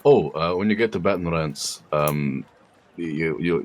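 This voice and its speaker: A man's voice: a bass voice, unhurried, gravelly. A man playing his character in a tabletop game, laid-back and drawling. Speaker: player.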